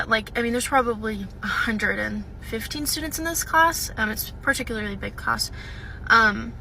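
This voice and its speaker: A woman's voice: a little high, sharp tone, slight background noise, poor audio. A young woman, a university student, telling a personal story to the camera in a casual, hesitant way, full of "um" and "like". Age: young adult. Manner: hesitant, with frequent "um" and "like".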